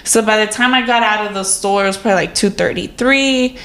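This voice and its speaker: A woman's voice: medium pitch, quick pace, reverberant. A woman co-hosting a podcast, telling a story in casual chat, swearing a lot and filling her talk with "like". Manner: animated storytelling, swears often, many "like" fillers. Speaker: podcast co-host.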